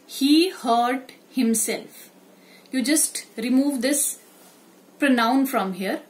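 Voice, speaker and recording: A woman's voice: sits high, extremely slow. A woman teaching a grammar lesson, explaining step by step and repeating examples.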